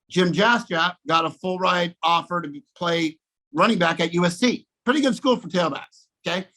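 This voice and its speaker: A man with a fairly high voice tells a casual story on a video call. He is animated, restarts his sentences and keeps checking in with his listeners. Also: rough recording. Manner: animated, restarts often, repeats "okay?". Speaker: guest speaker in a sales coaching session.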